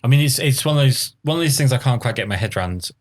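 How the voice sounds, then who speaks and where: A man's voice: mid-range voice, lively intonation. A man hosting a photography podcast, asking questions and making wry jokes. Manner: wry, joking, fast-talking. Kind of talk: casual podcast interview.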